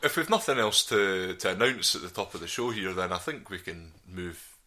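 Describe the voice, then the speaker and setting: A man's voice: low voice, expressive, normal speed, bright, forceful tone. A man co-hosting a podcast, chatting casually in a rambling, joking way with plenty of fillers. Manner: rambling and jokey, many fillers. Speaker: podcast co-host.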